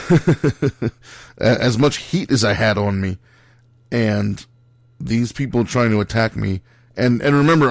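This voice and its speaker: A man's voice: medium pitch, vocal fry, dry recording, clean studio sound. A young man hosting a podcast, telling a road story in a casual, rambling monologue. He talks bluntly, swears freely and keeps correcting himself with lots of fillers. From Italian-American background. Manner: blunt and profane.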